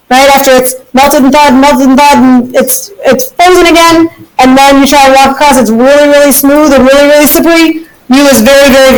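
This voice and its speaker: A woman's voice: high-pitched, rough recording. A woman teaching a physics class, upbeat and often checking in with her students. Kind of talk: classroom lecture.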